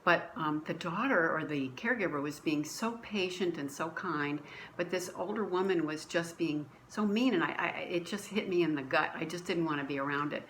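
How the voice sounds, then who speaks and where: A woman's voice: on the low side, normal speed, fairly bright tone, a little hiss or hum, poor audio. A woman from a church sharing a personal faith story at home, earnest and conversational, often restarting her sentences. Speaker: church member sharing a testimony. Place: at home, dining room.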